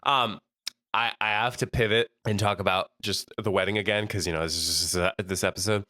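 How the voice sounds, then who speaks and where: A man's voice: fairly low pitch, steady tone, brisk, sharp tone, no echo, clean studio sound. A young adult man co-hosting a podcast, chatting casually and laughing often between jokes. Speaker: podcast co-host. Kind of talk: casual chat.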